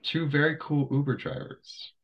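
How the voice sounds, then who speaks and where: A man's voice: fairly high pitch, moderate pace, dull audio. Laid-back young man telling stories. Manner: rambling, full of "like" fillers. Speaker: podcast guest. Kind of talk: casual storytelling.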